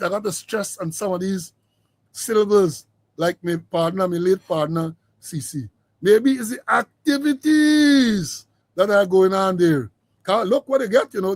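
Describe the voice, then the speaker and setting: A man's voice: high-pitched, no echo. A man giving a rambling political commentary, emphatic and repetitive, stretching out words for stress. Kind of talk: informal political commentary monologue.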